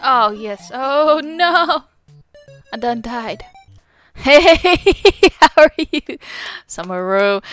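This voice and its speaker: A woman's voice: high-pitched, animated, takes it slowly, pauses often, bright, forceful tone, faint music behind. A young woman streaming a retro game live, chatting with her chat in a playful, teasing way with mock outrage and frequent laughter. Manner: giggly, laughs often. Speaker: gaming streamer.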